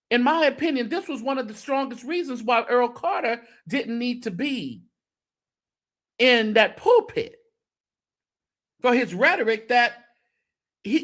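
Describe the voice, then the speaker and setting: Male host reacting to a clip, drawn-out delivery, exasperated, voice rising and falling a lot. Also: very high voice, bright, forceful tone. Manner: exasperated, sarcastic asides. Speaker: host of a church commentary show. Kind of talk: reacting to a clip, casual commentary.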